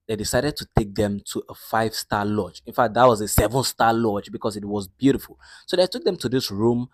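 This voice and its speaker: A man's voice: lowish voice, no room sound. Chatty man retelling a movie. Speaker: movie recap narrator. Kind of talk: casual storytelling recap.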